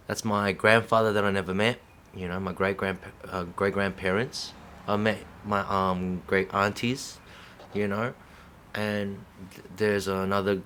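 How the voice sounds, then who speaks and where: A middle-aged vlogger speaks to camera in an unscripted, heated monologue thick with slang and profanity, repeatedly checking in with "yeah?". His voice is on the low side but fairly bright, with a little hiss or hum in the recording.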